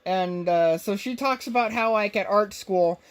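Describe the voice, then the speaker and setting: A woman's voice: mid-range voice, unhurried. Rambling woman recapping a movie. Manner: rambling, full of fillers and restarts. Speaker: podcast co-host. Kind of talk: casual movie recap chat.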